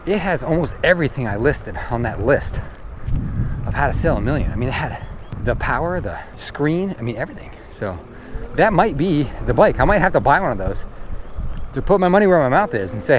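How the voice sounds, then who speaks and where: A man's voice: mid-range voice, sing-song, brisk. Chatty older man riding outdoors. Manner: chatty, self-deprecating, breathless bursts. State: out of breath. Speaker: e-bike vlogger. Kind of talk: casual vlog commentary while riding. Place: outdoors on a high school track. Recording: outdoor noise, wind and traffic.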